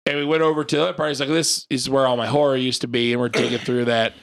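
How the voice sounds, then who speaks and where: This man has a gravelly, creaky voice and a middling pitch. He tells a loose, rambling story on a podcast, padding it with "like" and casual swearing. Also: level tone, very fast, fairly bright tone. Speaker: podcast co-host.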